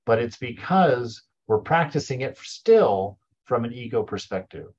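A man's voice: medium pitch, big pitch swings, unhurried, darkish tone, highs cut off. A man teaching a group in an informal spiritual talk. He chuckles often and stops, restarts and repeats words as he looks for phrasing. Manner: chuckles often, loose and conversational.

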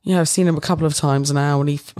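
A woman's voice: deep voice, fairly even intonation, fast talker, darkish tone. A young British woman from the UK, chatting casually as an interview guest, rambling with fillers and frequent laughter. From United Kingdom. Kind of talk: casual chat.

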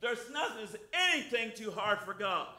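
An older man preaching a fervent sermon in church, breaking into loud hallelujahs and softening when he reads scripture. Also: high-pitched, normal speed, echoey room. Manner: fervent, shouting hallelujahs, drops soft for scripture. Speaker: guest preacher. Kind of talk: lively Easter sermon with scripture reading.

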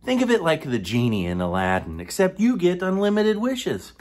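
A man's voice: sits high, wildly swooping pitch, moderate pace, a little mellow. A man hosting a comedic sponsored countdown, talking playfully with sudden whispered asides. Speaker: comedian host of a sponsored segment.

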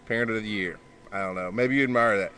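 A man's voice: on the low side, fast, slight background noise. Blunt, profane man vlogging outdoors. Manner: blunt, profane, yells at his kids. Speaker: podcaster and father. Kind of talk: casual vlog monologue. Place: outdoors by a backyard pool.

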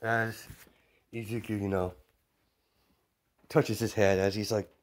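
A man's voice: on the low side, level tone, slow pace. A man casually retelling a fan story, rambling with many fillers and restarts.

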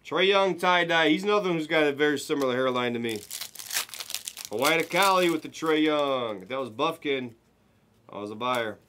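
A man hosting a live card break, giving excited running commentary as he opens packs and chats with viewers. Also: fairly high pitch, moderate pace, slight background noise.

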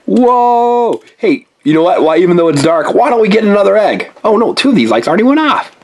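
A woman's voice: medium pitch, fairly quick. A woman hosting a playful toy unboxing, exclaiming over each find and coaxing a young helper along. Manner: animated, exclaiming over toys, coaxing a child.

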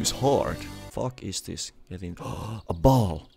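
A young man with a Finnish accent doing let's play commentary, excitable and swearing often at the game. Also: sits low, measured pace, vocal fry, few pauses, soft background music. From Finland. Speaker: gaming youtuber.

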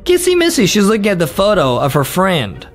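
A man's voice: high-pitched, lively intonation, moderate pace, soft background music. A man co-hosting a gaming channel, giving hyped, exclamatory gameplay commentary. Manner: hyped and exclamatory, says bro a lot.

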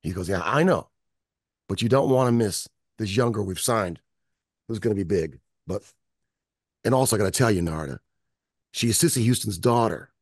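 With a lowish, husky voice at normal speed and long pauses, a Michigan music producer tells stories in an interview, animatedly acting out quoted voices. The clean studio sound has no room sound.

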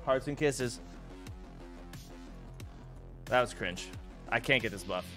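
Lively, rambling young male streamer. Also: medium pitch, slow pace, music in the background. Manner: rambling, profane, exclaiming. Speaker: livestreamer. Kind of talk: casual stream chatter.

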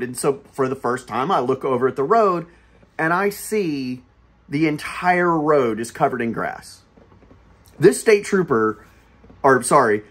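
Brief: male host, casual storyteller, lively swinging pitch, swears freely. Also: breathy edge. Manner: animated, profane, emphatic. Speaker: channel host.

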